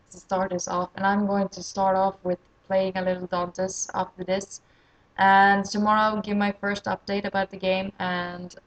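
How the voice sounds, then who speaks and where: A tired woman from Sweden, an English speaker, rambling excitedly and self-deprecatingly as she introduces her gaming channel in a casual solo vlog. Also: mid-range voice, normal speed, poor audio.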